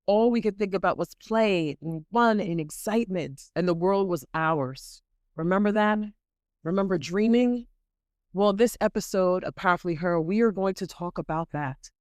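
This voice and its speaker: Smooth-voiced, emphatic woman podcast host. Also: on the low side, moderate pace, no room sound, studio quality. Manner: emphatic and repetitive, calls listeners queens and y'all; animated, swings between excited bursts and soft intimate asides. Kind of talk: motivational podcast monologue. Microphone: close studio microphone.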